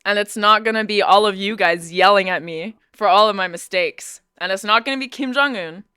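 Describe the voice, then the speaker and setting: A woman's voice: mid-range voice, a little fast, sharp tone, clean tone, no echo, clean studio sound. A young woman chatting casually with her live-stream audience, playful and teasing, laughing often. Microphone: Bluetooth headphones.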